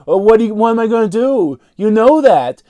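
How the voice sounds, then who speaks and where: A man's voice: high voice, big pitch swings, a little fast, mellow, pitched above the performer's own voice. A man putting on the voice of a widowed mother who spouts stiff, mocking exposition. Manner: mocking, overly formal.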